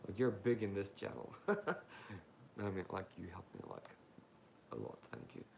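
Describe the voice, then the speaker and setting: Young male streamer, lowish gravelly voice, loose rambling chat full of fillers, talks straight to his viewers. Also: big pitch swings, normal speed, darkish tone, a little hiss or hum. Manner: rambling and informal, with frequent fillers; talks straight to viewers, asking them questions. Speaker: YouTuber hosting a live Q&A. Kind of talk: casual livestream chat, answering viewer comments.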